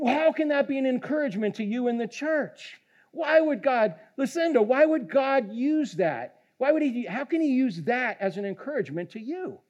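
A man preaching a sermon, animated, swinging from hushed lines to shouting and joking with the congregation. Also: high-pitched, dull audio. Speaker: pastor.

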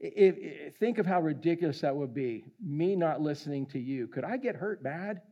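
A man's voice: fairly high pitch, animated, moderate pace, dark tone. A middle-aged man preaching a casual, conversational sermon, joking with and calling out people in the congregation. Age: middle-aged or older. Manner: conversational, jokey, calls out listeners. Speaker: pastor. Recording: dull lo-fi sound.

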